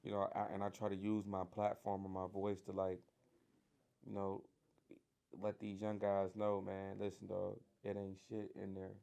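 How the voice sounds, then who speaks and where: A man with a Detroit accent telling his story in a casual interview, animated and slangy, acting out the voices of people he quotes. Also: low-pitched, normal speed, vocal fry, clean tone. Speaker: guest sharing his prison story.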